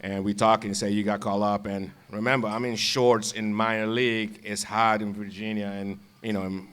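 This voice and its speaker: A man's voice: on the low side, little pitch movement, normal speed, a bit bright, smooth. A man, a former ballplayer, casually telling stories with frequent laughs and repeated words. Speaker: guest, former baseball player. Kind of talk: casual storytelling.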